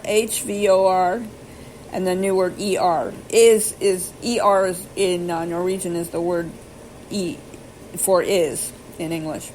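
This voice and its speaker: A woman vlogging casually, rambling and self-deprecating, who slowly sounds out and spells foreign phrases letter by letter. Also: lowish voice, darkish tone, a little hiss or hum, rough recording. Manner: slow careful pronunciation attempts. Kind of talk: casual self-taught language practice.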